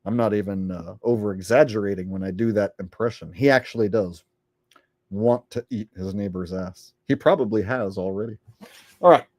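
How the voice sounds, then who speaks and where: A man's voice: fairly low pitch, normal speed, darkish tone, no echo, clean studio sound. A man hosting a casual commentary vlog, rambling in a sarcastic, profane way. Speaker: channel host.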